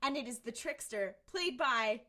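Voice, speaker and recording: A young woman co-hosting a podcast, chatting casually as she recaps an episode and acts out quick quotes from the characters. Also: fairly high pitch. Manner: animated, retells scenes with quick voiced quotes. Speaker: podcast co-host.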